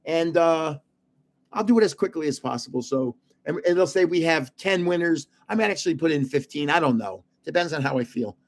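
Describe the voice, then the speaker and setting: Speaking fairly quickly in a slightly high voice with lively intonation, a tired older man runs a card giveaway on a late-night live stream. He rambles and chats casually, with frequent chuckles and many restarts.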